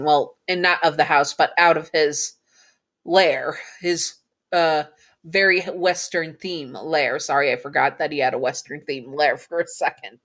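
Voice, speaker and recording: A woman's voice: low voice, measured pace, a bit bright. A woman narrating a fan fiction story in a casual, chatty way, with self-correcting asides.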